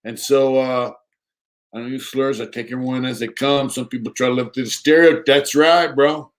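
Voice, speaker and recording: A man's voice: mid-range voice, fairly even intonation, normal speed. Man, casual livestream chat, rambling, repetitive, reads comments aloud. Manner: talks to his dog between thoughts. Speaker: livestream host.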